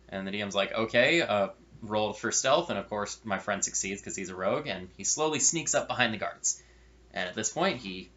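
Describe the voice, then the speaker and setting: A man casually telling a funny story from his game nights, with wry asides and animated delivery. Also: mid-range voice. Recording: dull lo-fi recording.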